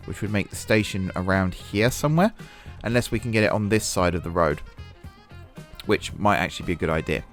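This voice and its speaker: This is a man with a fairly low voice hosting a casual building-game let's-play. He chats and plans out loud as he works. He shrugs off his own blunders with easygoing humor. Soft background music sits under his talk. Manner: chatty, thinking aloud while building; self-deprecating about mistakes. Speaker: gaming channel host.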